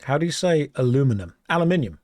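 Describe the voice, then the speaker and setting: Guy streaming a game, kinda high voice, dry mic, reading chat and bantering back. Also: expressive, normal speed, a little mellow, dry recording. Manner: reads chat aloud and answers, playful and exasperated. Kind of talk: casual gaming stream chat.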